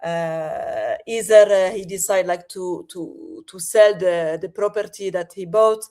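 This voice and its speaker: A woman with a French accent, a podcast guest speaking over a video call, with many pauses and restarts. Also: fairly low pitch, fairly even intonation, a little mellow. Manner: hesitant, many fillers and restarts. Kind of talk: remote interview.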